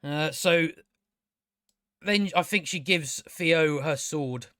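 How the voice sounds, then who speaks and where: Sarcastic high-voiced man ranting. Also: slow pace, sharp tone, no echo, studio quality. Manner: sarcastic, exasperated, profane. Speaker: TV show reviewer. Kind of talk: casual ranting review.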